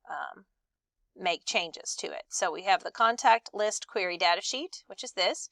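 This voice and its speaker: A woman teaching a screen-recorded software lesson, reading each instruction aloud and then demonstrating it step by step. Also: mid-range voice, vocal fry, no echo.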